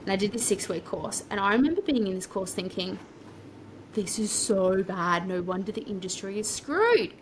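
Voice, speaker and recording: A young Australian woman talking as a podcast guest, telling her story in a chatty, rambling way with lively asides. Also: mid-range voice, moderate pace, slight background noise. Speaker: property coach, podcast guest. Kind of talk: casual storytelling interview.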